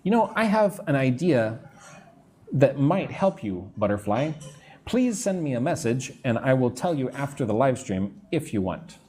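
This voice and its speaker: A man teaching English on a live stream, modelling phrases slowly and greeting viewers between sentences. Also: medium pitch, sing-song, mellow, a little hiss or hum. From United States. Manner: slow, deliberate modelling of phrases, chatting with viewers.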